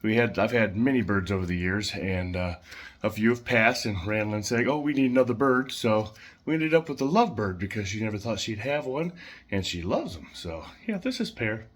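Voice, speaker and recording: A man casually showing his pet birds at home, chatting in a rambling way with fillers and soft laughs. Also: lowish voice, animated, moderate pace.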